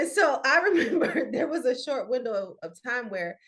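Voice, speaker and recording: Laughing frequently, a Southern-accented woman from Atlanta spins an animated story while co-hosting a laid-back podcast. She speaks at a normal speed in a voice on the high side.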